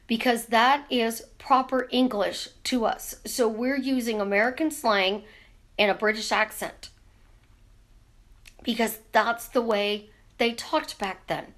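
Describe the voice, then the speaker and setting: A woman coaching her viewers in a casual live stream, talking with her hands and firing off rhetorical questions. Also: a little high. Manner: animated, talks with her hands, asks rapid rhetorical questions. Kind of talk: casual teaching monologue. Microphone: camera in front of her.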